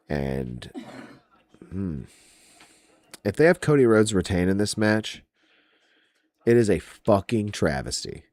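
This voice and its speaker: A man's voice: sits low, a little mellow, no room sound. A man hosting a wrestling podcast, ranting about match predictions in a profane, exasperated way.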